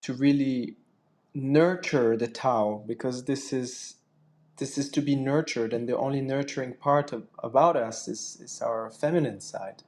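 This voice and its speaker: A man's voice: mid-range voice, steady tone, moderate pace, darkish tone. A man taking part in a casual spiritual discussion, speaking earnestly with many restarts and fillers. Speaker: guest participant.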